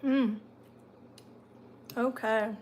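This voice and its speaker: A woman's voice: a little high, steady tone, extremely slow, noisy background. A woman hosting a casual live stream from home, chatting and answering viewer comments while she eats, sometimes talking through a mouthful. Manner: talks while chewing.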